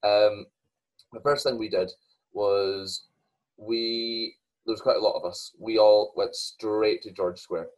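A man's voice: lowish voice, fairly even intonation, slow, a little mellow, poor audio. A young Scottish man co-hosting a casual podcast chat, talking hesitantly with many fillers and restarts. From Scotland. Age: young adult. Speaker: podcast co-host.

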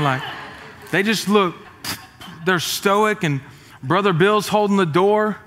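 A middle-aged man, preaching a sermon with jokes and energetic, rising emphasis. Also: high voice. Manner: energetic, joking, rising to shouts. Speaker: pastor. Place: church auditorium. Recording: reverberant church hall.

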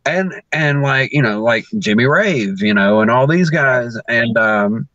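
A man, a pro wrestler guest, telling a story in a loose, animated way, laughing often and acting out the lines of the people in it. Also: mid-range voice, unhurried, dry recording, dull audio. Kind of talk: casual storytelling.

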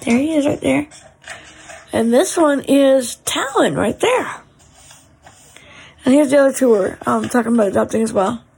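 A woman's voice: high voice, lively intonation, moderate pace, gravelly, pauses often, a little mellow, slight background noise, low-quality recording. A middle-aged woman, chatting in a gushing way as a mother vlogging from her family home. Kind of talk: casual home vlog.

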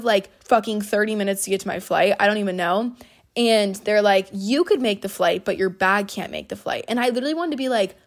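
A young woman hosts her podcast and spills a long story in loose, casual chat. Her voice has a gravelly fry, and she swears freely and leans on "like" all the way through. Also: medium pitch. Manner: profane, rambling, heavy use of "like". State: emotional. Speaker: podcast host.

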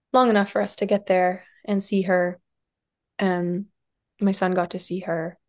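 A woman speaking softly and from the heart in a reflective interview, with many pauses and fillers. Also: medium pitch, gravelly. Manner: soft, heartfelt, with many likes and trailing pauses. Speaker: podcast guest, somatic practitioner and dance teacher.

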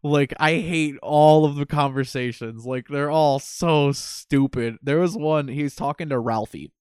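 A man in casual chat, animated and exasperated, acting out what characters say. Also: on the high side, measured pace, clear, resonant tone, no room sound, studio quality. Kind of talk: casual chat about a video game.

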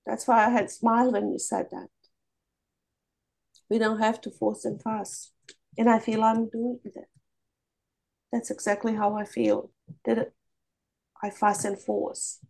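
A woman sharing her struggles candidly on a video call, blunt and animated, swearing freely. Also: on the high side, a little slow, vocal fry, long pauses, poor audio. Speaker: coaching group participant.

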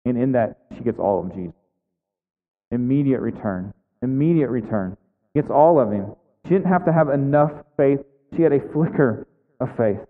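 A man's voice: mid-range voice, animated, brisk. A man pastor preaching a sermon in a church, earnest and conversational, pressing the listeners with repeated questions. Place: church sanctuary. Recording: phone-like sound in a reverberant hall.

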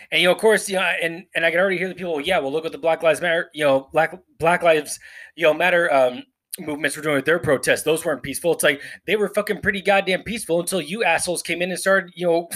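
A man talks off the cuff as a podcast host, riffing on events as they unfold. His speech rambles and restarts, packed with "you know" and swearing, and it stays indignant the whole way through. His voice sits at an ordinary mid pitch for a man. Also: fairly bright tone. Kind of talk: unscripted live commentary.

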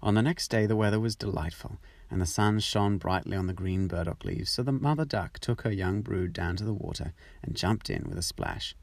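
A man reading a fairytale aloud in an expressive, steady storytelling manner. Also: lowish voice, normal speed, gravelly, few pauses, dry recording.

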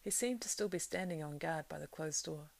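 Low, gravelly woman reading a story. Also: a little fast, dry recording. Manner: steady storytelling, swells louder in action passages. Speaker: reader. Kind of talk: reading a novel aloud.

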